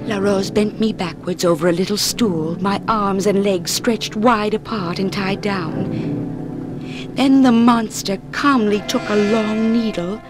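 An actress playing a young woman who narrates her own ordeal in a steady, grave voice, in a 1960s spoken-word drama recording. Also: mid-range voice, a little slow, loud music behind the voice, lightly acted.

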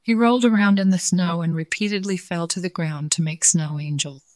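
A woman reading a children's story aloud in a calm, even storytelling manner. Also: lowish voice, brisk, no room sound.

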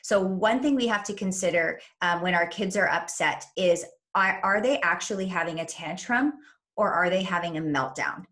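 A woman's voice: fairly low pitch, moderate pace, fairly bright tone. A woman parenting coach in a podcast interview, explaining in an instructive way and acting out what parents say to their kids.

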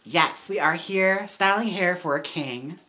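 Styling a wig during a laid-back livestream, this woman speaks unhurriedly in a fairly low, sharp-toned voice. Her manner is talkative and giggly, with "like" sprinkled all over.

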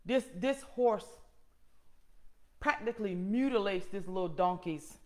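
Host, woman, middle-aged, emphatic preachy testimony, loud to hushed, medium pitch. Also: unhurried. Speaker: host and motivational speaker.

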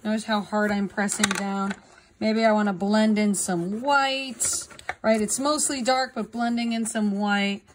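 A woman's voice: medium pitch, steady tone, unhurried, a little hiss or hum. A woman art teacher talking casually through a drawing demonstration, often checking in with "right?". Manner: casual, tags sentences with "right?".

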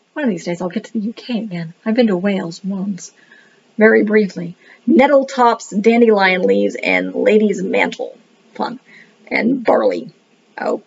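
Flipping through a book, a woman gives a loose, casual review, rambling, thinking out loud and repeating "what the heck" often. Her mid-range voice is slightly rough, with lively intonation and a moderate pace. The audio has a dull, lo-fi quality.

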